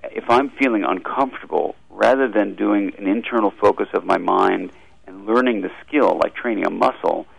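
A middle-aged man, a psychiatrist, explaining ideas on a radio interview in a fluent, measured way. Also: lowish voice, creaky, husky, no echo, poor audio. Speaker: guest expert, psychiatrist.

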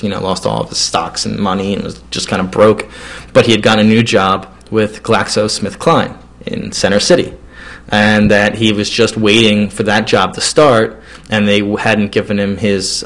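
Man with a lowish voice rambling thru a story, lots of um and like. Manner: loose, rambling, lots of fillers and restarts. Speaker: interviewee telling a personal story. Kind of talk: casual storytelling.

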